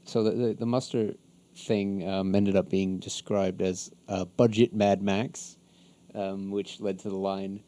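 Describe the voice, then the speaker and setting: A man's voice: low-pitched, little pitch movement, unhurried, warm tone. A man hosting a podcast, recapping an episode in a casual, rambling way with many ums and frequent chuckles. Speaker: podcast host.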